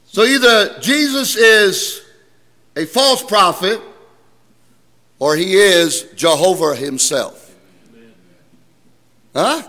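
A man's voice: high-pitched, big-room sound. A man preaching a sermon to a congregation, emphatic and calling out for amens as he explains scripture. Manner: emphatic, calls for amens, rising to shouts.

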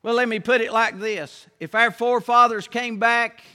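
A man's voice: very high voice, steady tone, normal speed, sharp tone, clean tone. A man preaching a sermon, emphatic and repetitive, drawing out key words and reading scripture aloud in a church. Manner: emphatic, repeats key phrases, draws out words; reads King James scripture aloud. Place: church sanctuary. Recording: long church hall reverb.

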